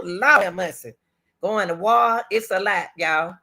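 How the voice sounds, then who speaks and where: A woman's voice: mid-range voice, normal speed, sharp tone, slightly rough. A middle-aged woman hosting a commentary video. She talks with strong emotion, repeats her phrases for emphasis and calls out to the Lord. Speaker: commentary host and track coach.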